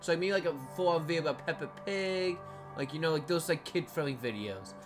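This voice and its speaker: A woman's voice: deep voice, fairly quick. A woman talking in a casual commentary vlog, blunt and joking, swearing casually and rambling with lots of likes. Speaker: video creator. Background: background music.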